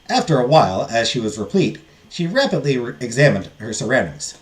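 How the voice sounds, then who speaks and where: Let's play host reading a visual novel, animated, with a widely moving pitch and faint music under the voice. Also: fairly quick.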